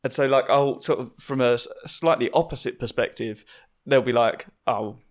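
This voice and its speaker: A man's voice: mid-range voice, moderate pace. A man, a stand-up comedian hosting a podcast, talking in a chatty, self-deprecating way and laughing often. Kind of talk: casual podcast chat.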